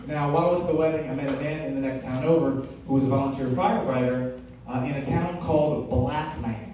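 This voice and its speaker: A young man doing a stand-up comedy set on stage, telling stories with lots of filler "uh"s and slow, deadpan punchlines. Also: medium pitch, a little hiss or hum. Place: comedy stage with a live audience. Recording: roomy, far-off live venue recording.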